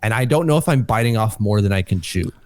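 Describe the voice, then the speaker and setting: Excitable new guy on a podcast, keeps restarting, swears a bit, dry close sound. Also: fairly low pitch, fast, smooth, no echo. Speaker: podcast co-host. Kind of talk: casual hockey podcast chat.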